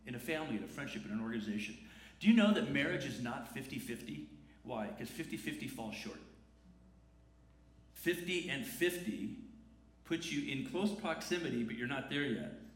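A man's voice: medium pitch, animated, moderate pace. A man preaching a sermon in a conversational way, asking rhetorical questions. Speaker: pastor. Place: church sanctuary. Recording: echoey church room.

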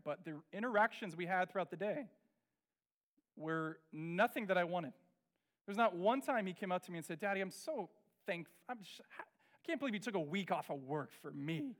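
A middle-aged man delivers a storytelling sermon. His voice sits high for a man, and he slips into the voices of the people in his story as he tells it. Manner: animated, acts out quoted voices. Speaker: pastor.

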